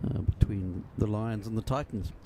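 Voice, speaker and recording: A man's voice: fairly low pitch, moderate pace, mellow, a little hiss or hum. A man in cricket commentary, speaking in a dry, matter-of-fact way.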